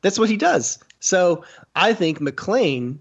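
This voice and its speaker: A man giving casual film commentary as a podcast guest, animated and rambling with many fillers and restarts. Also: high voice, slow pace, vocal fry, lo-fi sound.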